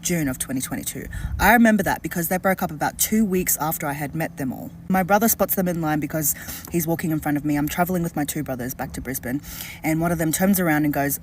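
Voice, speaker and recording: A woman casually recounting a story in a chatty, gossipy way, sometimes lowering her voice. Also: fast talker, a little hiss or hum. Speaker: commentator. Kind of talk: casual commentary.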